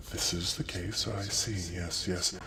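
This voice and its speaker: A man voicing a huge talkative male ooze with a humanoid face, speaking slowly and eagerly as a telepathic storyteller. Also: low voice, fairly even intonation, a crowd in the background, pitched below the performer's own voice. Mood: curious.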